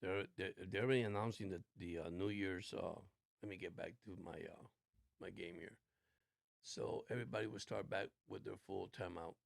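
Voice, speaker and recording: A man's voice: sits low, fairly even intonation, moderate pace, creaky, no room sound, clean studio sound. A man hosting a casual sports watch-along livestream, chatting in a rambling, laid-back way. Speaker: livestream host.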